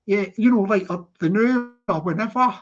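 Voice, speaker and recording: A man's voice: high-pitched, normal speed. Rambling live-stream host man, lo-fi sound. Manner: rambling, repeats words, laughs often. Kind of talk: casual live stream chat. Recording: dull lo-fi stream audio.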